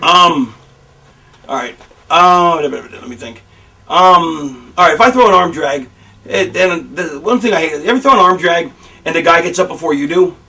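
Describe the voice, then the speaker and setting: Man, high voice, profane, animated storyteller, a bit off-mic. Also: normal speed, distant mic, poor audio. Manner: profane, animated, acts out fan reactions. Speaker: interviewee, former wrestler. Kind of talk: shoot interview, casual storytelling.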